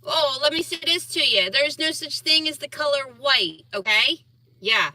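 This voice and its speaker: A woman with a Philadelphia accent talks on a casual livestream in an emphatic, combative, rambling way. Her voice is very bright and a little high for a woman. It sounds dry and a bit distant from the mic. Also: expressive, moderate pace, no echo. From Philadelphia and New York. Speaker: spiritual healer streamer answering viewers.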